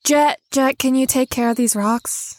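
A woman playing a tabletop game, firing off quick, incredulous questions. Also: high voice, steady tone, dry recording. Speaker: player. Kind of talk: tabletop role-play.

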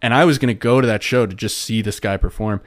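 A young comedian from Pennsylvania with a low voice tells rambling, profane stories in casual chat. He jumps into quick voices for the people in his stories. The sound is dry and close. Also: no echo. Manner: rambling, swearing, animated storytelling with voices. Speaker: comedian, podcast guest.

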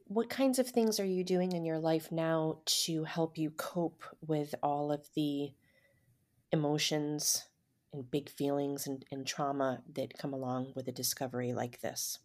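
A woman's voice: deep voice, steady tone, a little slow, darkish tone. A woman hosting a podcast interview, affirming and encouraging her guest. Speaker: podcast host. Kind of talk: supportive interview.

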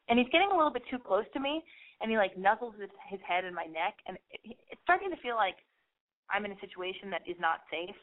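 A woman's voice: mid-range voice, expressive, fast talker. Woman radio host, rambling and profane, casual storytelling, tinny phone-like sound.

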